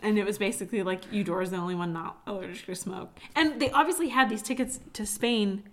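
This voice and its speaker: A woman's voice: medium pitch, quick pace, fairly bright tone. Giggly chatty woman podcast host. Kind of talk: casual chat and reading aloud.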